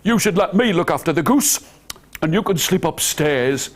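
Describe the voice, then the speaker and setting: A man's voice: a little high, expressive, normal speed, pitched below the performer's own voice. A man voicing a greedy man with a big belly, speaking in a sly, coaxing way.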